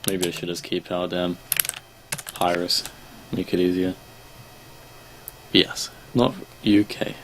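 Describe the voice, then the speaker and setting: Laid-back Australian young man, lowish voice. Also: little pitch movement, slow pace, pauses often, slight background noise. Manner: laid-back, chatty, swears casually. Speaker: streamer playing a game. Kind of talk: casual gameplay chat with viewers.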